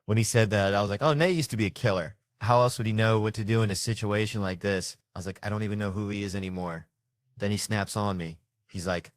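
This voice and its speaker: A man doing a loud, animated, profane stand-up story rant. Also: on the low side, fast talker, no room sound, studio quality. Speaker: comedian.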